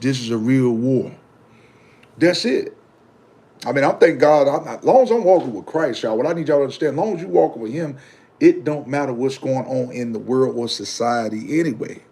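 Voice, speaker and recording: A man's voice: medium pitch, dark tone. A man giving a casual, emphatic monologue to his viewers, preaching and repeating his points, speaking in loose slang and answering commenters. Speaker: vlogger.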